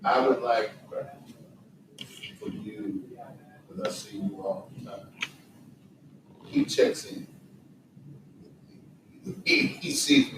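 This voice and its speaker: A man's voice: on the low side, takes it slowly, long pauses, background noise. A man giving casual, encouraging advice to a student. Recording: distant mic in echoey room.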